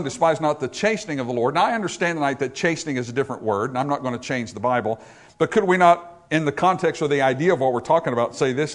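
A man preaching a sermon, emphatic, rising and dropping his voice for effect. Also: medium pitch. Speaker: pastor.

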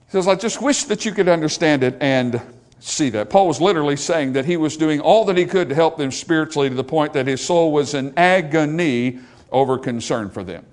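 High-voiced earnest male preacher. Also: a little fast. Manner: earnest, building emphasis with repeated phrases. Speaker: pastor. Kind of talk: sermon.

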